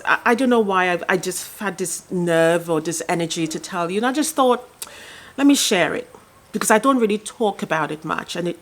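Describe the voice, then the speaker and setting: A middle-aged woman sharing a personal story in a vlog, speaking softly and haltingly, with many restarts. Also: medium pitch. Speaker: quilting vlogger. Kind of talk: personal vlog talk to camera.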